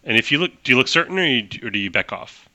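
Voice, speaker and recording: A man narrating as game master of a tabletop game, talking in animated quick bursts with restarts. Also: mid-range voice, dry recording, lo-fi sound.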